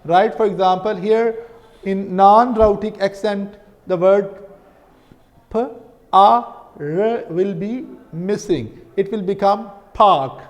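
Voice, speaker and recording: A man's voice: sits high, takes it slowly, big-room sound, highs cut off. A man with a Pakistani English accent giving a recorded lesson, explaining step by step and often checking with "right?". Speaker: linguistics teacher. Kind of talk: recorded lecture.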